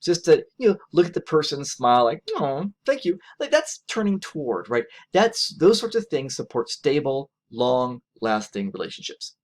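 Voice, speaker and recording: A man giving a recorded lecture in a conversational, animated way, often ending points with "right?". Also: moderate pace, few pauses. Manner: animated, conversational, acts out quotes in a higher voice; frequent "right?" tag questions.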